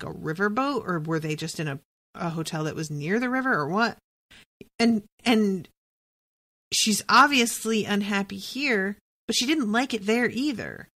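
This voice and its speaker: A woman's voice: medium pitch, a bit bright. Chatty, swearing woman recapping a show. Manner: chatty, profane, thinks aloud with many "like"s. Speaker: podcast host recapping a TV episode. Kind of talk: casual solo podcast recap.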